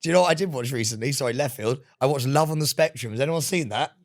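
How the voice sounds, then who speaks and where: British guy, podcast co-host, excitable, swears a lot, mid pitch. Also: fast talker. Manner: excitable, swears freely, bursts into loud outbursts. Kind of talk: casual chat.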